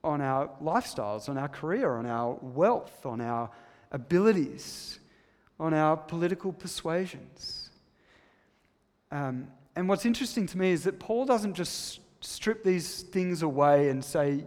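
Emphatic preacher in a reverberant hall. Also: male voice, expressive, moderate pace. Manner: emphatic, shifts between loud stresses and soft, low asides. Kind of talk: sermon.

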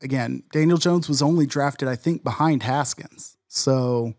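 A man's voice: medium pitch, unhurried, a little mellow, no room sound. A man from Arlington co-hosting a sports podcast, talking in a dry, sarcastic way. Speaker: podcast co-host. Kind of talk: casual sports podcast chat.

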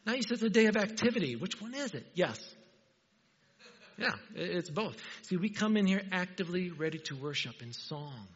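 A pastor preaching in a relaxed, chatty way, slightly high-pitched and husky, often putting questions to the congregation. His voice rings through a church hall with long reverb. The sound is muffled and lo-fi. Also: a little fast. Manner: conversational, asks the congregation questions, joking. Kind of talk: sermon. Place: church sanctuary.

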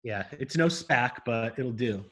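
A man co-hosting a comedic podcast, talking in a laid-back, dry, deadpan way. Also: medium pitch, unhurried. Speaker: podcast co-host. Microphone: video call.

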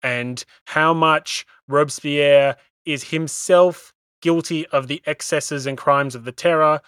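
A man's voice: fairly high pitch, fairly even intonation, fairly bright tone, clear, resonant tone, dry recording. Man explaining history on a dry mic. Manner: measured, explanatory, with small stumbles. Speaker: history podcast host. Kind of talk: casual history discussion.

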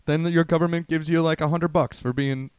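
A man hosting a podcast, riffing deadpan crude jokes in rambling casual chat. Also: fairly high pitch, brisk, clear, resonant tone, no room sound. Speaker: podcast host.

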